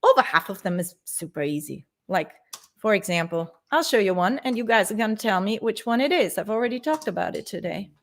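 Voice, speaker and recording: A woman teaching bass in a live-streamed lesson, talking informally and laughing easily as she answers viewers. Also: expressive, a little fast.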